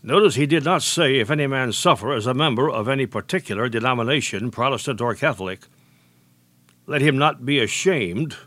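A man preaching a sermon, speaking deliberately and slowing down to weigh each quoted verse. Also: medium pitch, lively intonation, fairly bright tone, no room sound. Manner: measured, deliberate preaching with slowed emphasis on quotations.

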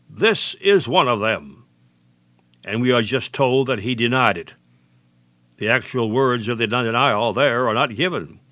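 A man preaching a sermon, speaking deliberately and slowing down to weigh each quoted verse. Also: mid-range voice, sharp tone, dry recording. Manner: measured, deliberate preaching with slowed emphasis on quotations.

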